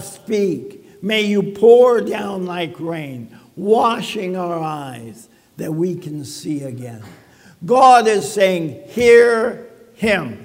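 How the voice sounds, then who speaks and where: A pastor with a high voice gives a sermon at an unhurried pace, preaching conversationally with quick quips and wry asides. His words carry a long reverb, as in a church hall.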